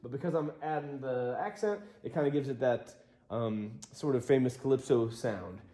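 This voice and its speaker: This male drum teacher talks at a moderate pace with a medium pitch, relaxed as he counts the beats aloud during a casual lesson. Faint music plays behind him, in a roomy studio with loud drums.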